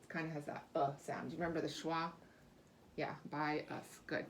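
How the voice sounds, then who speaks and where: A woman's voice: low-pitched, steady tone, fast, slight background noise. A woman reading teacher leading a small-group lesson, encouraging and lavish with praise, asking patient questions and explaining step by step.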